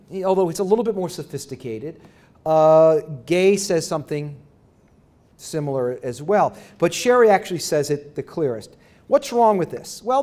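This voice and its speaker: A male professor giving a lecture in a conversational, halting way, with frequent restarts and rhetorical questions to the audience. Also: high-pitched, darkish tone. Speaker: university professor, guest lecturer. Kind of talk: academic lecture.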